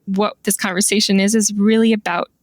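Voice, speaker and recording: A woman guest on a podcast talking in a casual, thoughtful way with many "like" fillers, with a slightly rough morning voice. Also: mid-range voice, steady tone, brisk, dry recording. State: morning voice, clearing throat. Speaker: guest stationery calligrapher.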